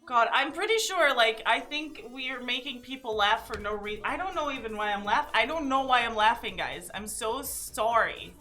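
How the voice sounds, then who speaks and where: Giggly high-voiced woman co-hosting a stream. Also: lively intonation, moderate pace, few pauses, bright, forceful tone, faint music behind. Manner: laughs constantly, giggly and rambling. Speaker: co-host of a music stream show. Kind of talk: casual giggly stream chat.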